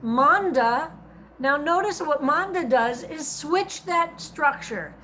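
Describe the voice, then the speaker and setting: A woman with a high, light voice leads a text study as a rabbi over a video call. She reads each translated phrase slowly and stresses it, then explains it in an easy teaching tone. A faint hiss sits under the call audio. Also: animated, pushed and bright.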